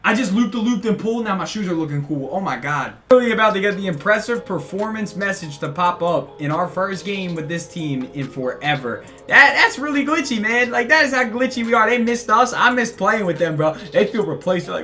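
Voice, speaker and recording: A man's voice: sits high, animated, fairly quick, few pauses, bright, forceful tone, soft background music. A young man giving casual, slangy commentary over his own football video game match, talking to the opponent and to viewers. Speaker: gaming YouTuber.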